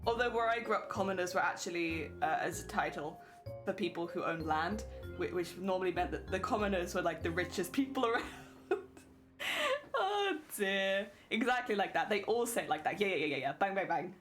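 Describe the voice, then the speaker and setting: A woman's voice: mid-range voice, expressive, moderate pace, a bit bright, soft background music. Chatty, giggly woman streamer. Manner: chatty, laughs often while reading chat. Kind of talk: casual live-stream chat.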